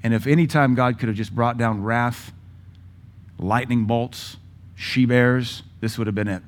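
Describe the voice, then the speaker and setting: Middle aged pastor preaching, punchy n emphatic, mid-pitched voice. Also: male voice, unhurried. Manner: emphatic, punchy lists of words. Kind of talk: sermon.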